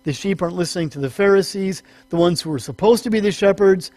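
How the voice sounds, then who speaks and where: A man's voice: quick pace, darkish tone, no room sound. A man preaching a teaching sermon in a conversational way, correcting himself as he goes and lifting his voice for emphasis. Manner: conversational, self-correcting, rises in pitch for emphasis. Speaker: pastor.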